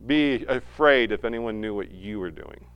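A man preaching a sermon as a pastor, swinging between loud emphasis and quiet asides and retelling scenes with voiced quotes. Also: lowish voice, expressive, normal speed, clean tone, dull audio.

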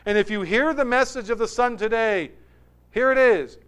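A man preaching an emphatic sermon, swinging between forceful declarations and hushed asides. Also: very high voice, normal speed, clean tone. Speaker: pastor.

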